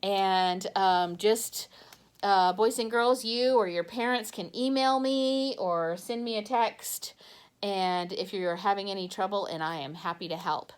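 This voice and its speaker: A woman teacher walking young children through a phonics worksheet, sounding out letters slowly and patiently while she tips her camera toward the page. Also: medium pitch, clear, resonant tone. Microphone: handheld phone or camera tipped toward a worksheet.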